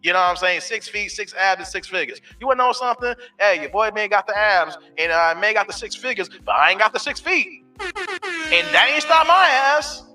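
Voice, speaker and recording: A man's voice: high voice, expressive, quick pace, hardly any pauses, bright, forceful tone. A man in his forties hosting a casual live stream, telling loose stories full of street slang and swearing. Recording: distant mic with faint music.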